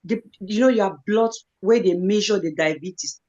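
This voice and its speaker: A woman's voice: mid-range voice, normal speed, darkish tone, lo-fi sound. A woman speaking as a guest in an online live talk, earnest and motivational, repeating phrases for emphasis. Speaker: guest speaker, kidney patient.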